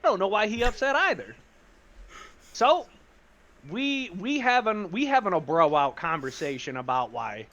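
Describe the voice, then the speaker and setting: Animated slangy man recapping a game. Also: on the high side, muffled recording. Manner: casual slang, acts out the characters. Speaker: tabletop game player recapping a session.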